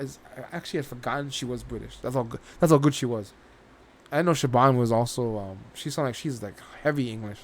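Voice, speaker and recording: A man talks through his thoughts on a series in a loose, rambling way, often restarting his sentences and dropping in casual swearing. His voice sits at an ordinary middle pitch. Faint ambience hums in the background. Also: slight background noise. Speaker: reaction channel host. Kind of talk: casual spoken review.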